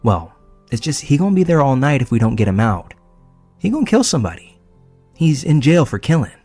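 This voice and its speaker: A man's voice: medium pitch, sing-song, brisk, a little mellow, husky, soft background music. A man voicing a creepy, giggling country woman who talks in an eerily cutesy way. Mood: unsettling.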